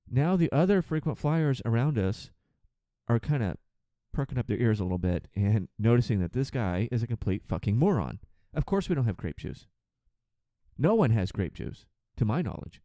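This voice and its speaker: A man rants on a podcast about his flight attendant work, exasperated, sarcastic and swearing freely. His voice is mellow and dark, and it swings widely in pitch as he gets worked up. The recording is close and dry. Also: lively intonation, dry recording. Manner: acts out passengers in quick put-on voices. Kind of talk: ranting monologue.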